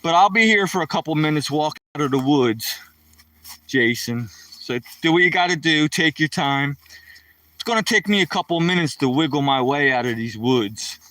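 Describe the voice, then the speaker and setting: A man chats with his live-stream viewers as he walks through the woods, rambling through a story. His voice is bright and a touch high, and it sounds dry and a bit distant from the phone mic. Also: animated, moderate pace, dry recording. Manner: rambling, chatty, addresses viewers by name. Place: outdoors walking through woods.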